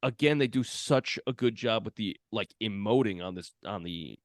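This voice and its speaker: A man's voice: fairly low pitch, expressive, moderate pace, dry recording, clean studio sound. A man hosting a podcast, chatting casually and retelling film scenes with lots of fillers. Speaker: podcast host.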